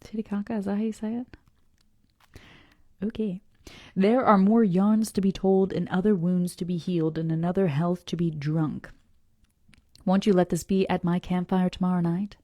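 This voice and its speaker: Reading a classic novel aloud for her livestream book club, a woman with a fairly low, steady voice keeps a normal speed but pauses often, now and then tripping on names. She whispers softly in asides, pokes fun at herself, and addresses viewers directly. There's no echo, though the sound is dull.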